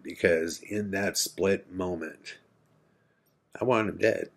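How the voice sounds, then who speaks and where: Deep-voiced man telling a true story. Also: breathy edge. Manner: intense, earnest storytelling. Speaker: podcast host.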